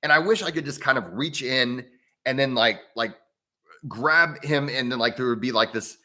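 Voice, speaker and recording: The host of a breathwork channel, an American man, runs a casual livestream in a medium-pitched, bright and forceful voice at normal speed. He chats with his audience and reads their comments, rambling and restarting many times along the way.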